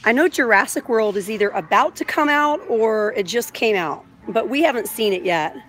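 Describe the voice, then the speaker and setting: A woman's voice: a little high, animated, normal speed, fairly bright tone. A woman in her thirties, gushing and chatty as she vlogs live while she shops in a big store, filming on a phone mount. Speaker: vlogger. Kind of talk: live shop-with-me vlog. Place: large indoor store. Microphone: phone on a vlogging mount.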